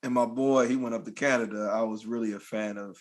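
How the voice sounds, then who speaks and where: Chill guy hosting a podcast, mid-pitched, easygoing, says yeah a lot. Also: fairly even intonation, fast. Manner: laid-back, agreeable, full of yeahs. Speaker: podcast host. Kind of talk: casual interview chat.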